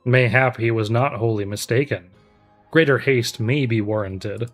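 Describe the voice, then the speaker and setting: A man's voice: medium pitch, normal speed, soft background music, lightly acted. A man reading solemn ancient fantasy villains. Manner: reads archaic game dialogue aloud in a mock-grand tone. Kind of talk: reading game dialogue on a stream.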